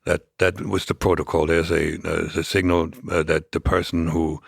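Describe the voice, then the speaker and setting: A man as a podcast guest, recounting past events in a measured, reflective way during a conversational interview. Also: low voice, level tone, vocal fry, breathy edge, dry recording, studio quality.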